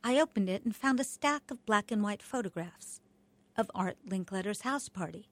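A woman reading her childhood memoir aloud in an expressive, wry storytelling manner. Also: mid-range voice, moderate pace. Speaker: memoir narrator.

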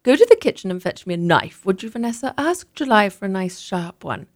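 A woman reading a memoir aloud, voicing her mother as brisk, commanding and dry-humoured. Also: mid-range voice, very animated, darkish tone, natural voice. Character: brisk, unflappable, wry mother.

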